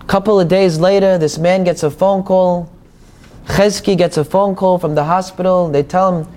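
High-voiced man telling a sermon story. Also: moderate pace. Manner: animated storyteller, acting out the people in the story.

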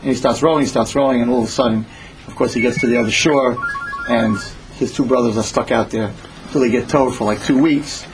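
A man telling a parable in an animated sermon style, repeating phrases as he goes. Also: medium pitch, a little fast, over music, low-quality recording. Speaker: storyteller. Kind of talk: storytelling sermon.

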